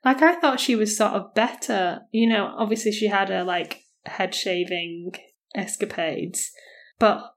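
A woman's voice: mid-range voice, a little slow. A woman chatting casually with a friend, mostly reacting with short comments. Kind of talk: casual chat.

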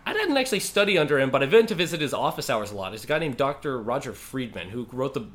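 A man chatting casually as a convention organizer, excitable and acting out what other people said. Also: fast. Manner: excitable, acts out quoted people in high voices. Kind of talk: casual podcast chat.

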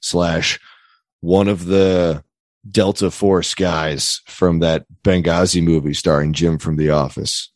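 A man's voice: low-pitched, fairly even intonation, slow, no echo, studio quality. A man in casual podcast chat, rambling and joking with lots of restarts. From Pennsylvania area. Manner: rambling, jokey, restarts and stumbles. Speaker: podcast co-host.

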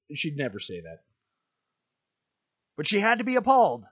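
Animated, high-voiced ranting man. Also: fairly quick, pauses often. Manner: ranting, emphatic, repetitive. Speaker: podcast host. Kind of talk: impassioned podcast monologue.

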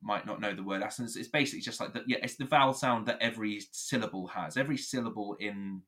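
A man from England explaining rap rhyme in a relaxed conversational way, animated and playful, laughing easily. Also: lowish voice, quick pace.

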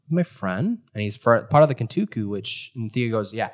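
A game master narrating a tabletop game and switching quickly between narration and character voices. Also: mid-range voice, expressive.

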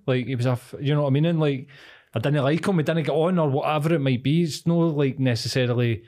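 A man's voice: medium pitch, fairly even intonation, quick pace, darkish tone. A man in a casual podcast chat, talking reflectively in long rambling runs full of fillers.

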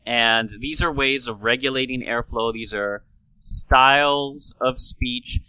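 A man's voice: medium pitch, takes it slowly, sharp tone, clear, resonant tone, dry recording, low-quality recording. A man hosting a casual talk show, explaining things in a playful, lecturing way. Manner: lecturing, playful, slips into old-timey announcer voice. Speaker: podcast host.

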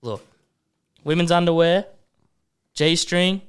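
A man's voice: fairly high pitch, steady tone, slow pace, smooth. A man making a mock-earnest comic argument on a podcast. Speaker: podcast co-host. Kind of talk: comic mock-serious pitch.

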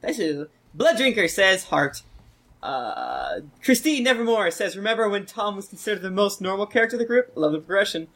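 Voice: medium pitch, sing-song, moderate pace, fairly bright tone. A podcast regular in casual chat, playfully reading listener reviews aloud with jokey asides. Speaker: podcast cast member.

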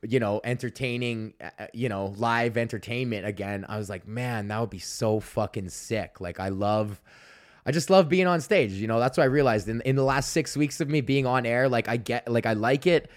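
A man's voice: mid-range voice, brisk. A young man hosting a podcast, telling rambling, profane stories in a casual monologue and laughing often. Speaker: podcast host.

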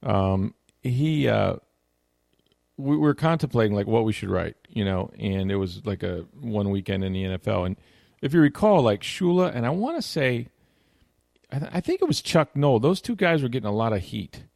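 A low, gravelly man's voice, middle-aged, recorded dry and close. He hosts a casual podcast, rambling through stories with restarts and easy laughter. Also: very animated, moderate pace, darkish tone, no echo. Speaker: podcast host.

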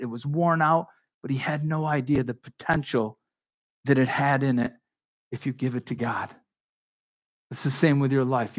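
A man preaching a sermon as pastor, talking in a conversational but emphatic way, with restarts and asides to his congregation. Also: fairly high pitch. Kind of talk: expository sermon.

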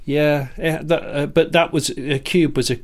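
A man's voice: a little high, steady tone, moderate pace. A man co-hosting a podcast, telling casual, rambling anecdotes with frequent restarts and chuckles. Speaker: podcast co-host. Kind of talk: casual chat.

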